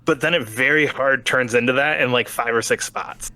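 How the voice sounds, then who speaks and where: A man co-hosting a casual game review chat, animated and fond of acting out bits of dialogue in quick voices. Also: mid-range voice. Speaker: podcast co-host reviewing a game.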